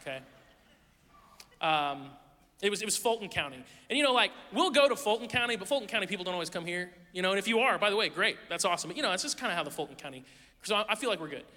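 A man's voice: high-pitched, lively intonation, quick pace, sharp tone. A middle-aged man, a pastor, giving a conversational sermon with candid, self-deprecating stories, recorded in a church sanctuary. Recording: long reverb of a large hall.

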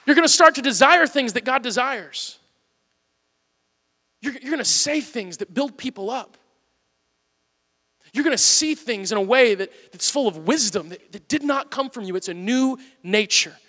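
Pastor, male, high bright voice, earnest sermon delivery, long hall reverb. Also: lively intonation, moderate pace, long pauses. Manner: earnest, swings from loud urging to soft pleading. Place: church auditorium.

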